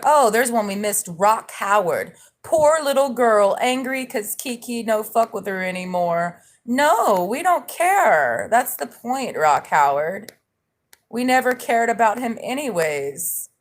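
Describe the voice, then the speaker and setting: A woman hosting a livestream, reading and mocking viewer comments in a taunting way, now and then breaking into sung snippets. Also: medium pitch. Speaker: livestream host.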